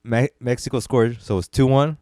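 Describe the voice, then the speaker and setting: A man co-hosting a casual podcast, telling a story in a laid-back way and quoting others in low asides. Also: fairly even intonation, brisk, dark tone, dry recording, clean studio sound. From United States. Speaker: podcast co-host. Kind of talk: casual chat.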